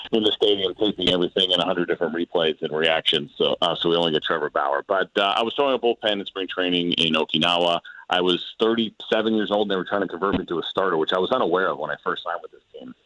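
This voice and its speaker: A former pitcher in his forties, a man telling a long story in a relaxed way on a sports radio show, with quoted back-and-forth dialogue. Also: dry recording, poor audio. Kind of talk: casual sports radio chat.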